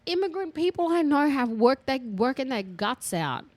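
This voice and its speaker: An Australian woman co-hosting a podcast in casual, animated chat, using slang and laughing often. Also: high-pitched, moderate pace, dry recording. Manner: animated, laughing, uses slang like "you mob" and "bro". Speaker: podcast co-host.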